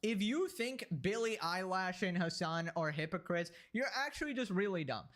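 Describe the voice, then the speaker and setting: A man's voice: high voice, animated, moderate pace, a bit bright. A man hosting a reaction commentary, talking in a sarcastic, mocking and profane way. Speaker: commentary channel host.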